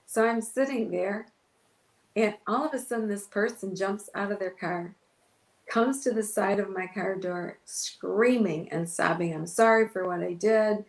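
A woman's voice: medium pitch, measured pace, reverberant, poor audio. A woman pastor telling an emotional personal story in an interview, acting out her own past words. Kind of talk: testimony in an interview.

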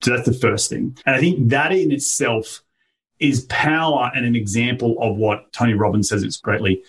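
A man's voice: mid-range voice, moderate pace, fairly bright tone. An upbeat Australian man in his thirties, a guest in a podcast interview, telling his story in a talkative way and laughing easily. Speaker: guest entrepreneur. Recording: voice a little distant from the mic.

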